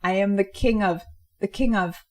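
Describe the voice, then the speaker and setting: A woman's voice: medium pitch, normal speed, darkish tone, natural voice. A woman voicing a drunk, grumpy villain king who grumbles and complains in a slurred, petulant way, reading her own comic aloud. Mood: indignant.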